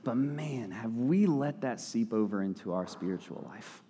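A man's voice: mid-range voice, animated, normal speed, mellow, breathy edge. Young man preaching in a reverberant hall. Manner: conversational, self-correcting, with playful asides. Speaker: lay preacher. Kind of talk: sermon.

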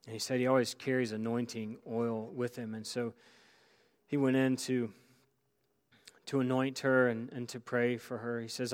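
A man preaching a sermon as pastor, telling a story with many restarts and drops to near-quiet. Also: mid-range voice, flat delivery, normal speed.

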